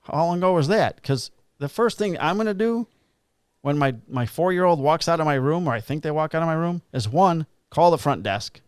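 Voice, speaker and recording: A man's voice: on the high side, animated, normal speed, smooth, no room sound, clean studio sound. A middle-aged man, a police officer co-hosting a podcast, tells a rambling work story in casual chat and swears freely. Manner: rambling, profane anecdote telling.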